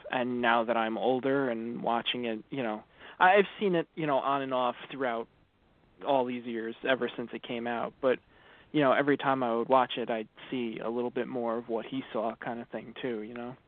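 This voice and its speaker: A man's voice: mid-range voice, moderate pace, dry recording. Hesitant man on a tinny line. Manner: relaxed, hesitant with many fillers. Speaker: podcast co-host. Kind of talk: casual chat. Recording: tinny phone-like sound, dry.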